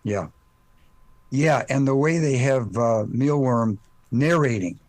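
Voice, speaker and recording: An older man with a Chicago accent speaks haltingly, filling his pauses with uh sounds while he searches for words. His voice sits at an ordinary middle pitch, and the recording is dry and close. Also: darkish tone, dry recording. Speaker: actor guest. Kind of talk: casual interview chat.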